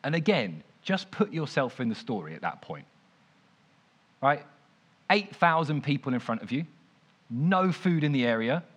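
A young man preaching casually, retelling a story in an animated, conversational way with lots of "like". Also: medium pitch, moderate pace, long pauses, husky. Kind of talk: informal sermon storytelling.

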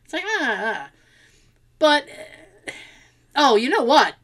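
A woman recounts a story in relaxed, casual conversation. Her pitch sits a little high and swings widely as she acts out what everyone said. She laughs easily and keeps the talk moving. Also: moderate pace. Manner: animated storyteller, acts out quotes, laughs often. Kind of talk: casual chat recapping a ghost show.

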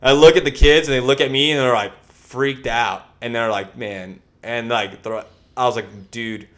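A young man telling a story in a casual chat, swearing freely and acting out his panic with loud shouts. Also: mid-range voice, moderate pace. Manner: profane, animated storyteller with shouted reenactments.

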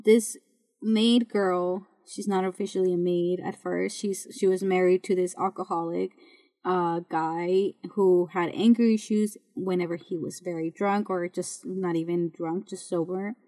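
A woman's voice: lowish voice, fairly even intonation, measured pace, mellow. A woman hosting a podcast in a casual monologue, blunt and full of swearing, rambling with restarts. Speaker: podcast host.

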